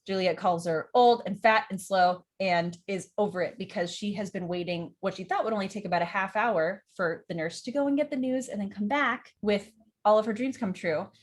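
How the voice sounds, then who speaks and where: A woman's voice: medium pitch, moderate pace. A young adult woman, an acting teacher and director, chatting enthusiastically about favorite lines and acting them out. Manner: enthusiastic, acts out quotes, nerdy about verse. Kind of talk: casual educational vlog.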